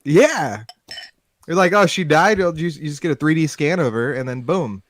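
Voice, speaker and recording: A man's voice: on the high side, animated, normal speed. A man in a casual podcast chat who jokes, swears and laughs.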